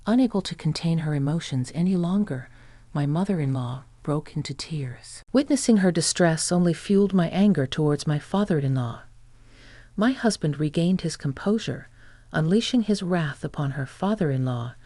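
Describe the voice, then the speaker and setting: A text-to-speech woman narrating a scripted story in an even, flat reading. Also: low-pitched, moderate pace, no room sound.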